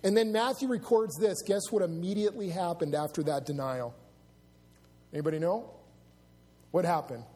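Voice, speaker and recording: A man with a high, husky voice preaches to his congregation, mixing scripture reading with casual asides. The sound carries a long reverb from the church hall around him. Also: normal speed, long pauses, mellow. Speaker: pastor. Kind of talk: sermon. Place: church sanctuary.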